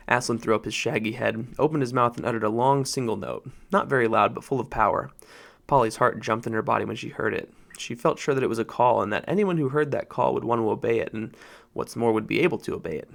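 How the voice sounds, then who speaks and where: A man narrating a children's novel in a measured storytelling read. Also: mid-range voice, creaky. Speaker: audiobook reader. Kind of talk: audiobook narration.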